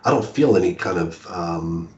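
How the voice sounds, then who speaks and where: A man's voice: low-pitched, expressive, moderate pace, a little mellow. A man talking casually as an author guest in a rambling, self-deprecating way, laughing easily. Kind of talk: casual conversation. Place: home in a city apartment. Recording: roomy, dull video call audio.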